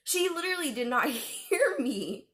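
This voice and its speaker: A young woman vlogger telling a personal story in a casual, animated way, with fillers and laughs. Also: high voice, a little slow.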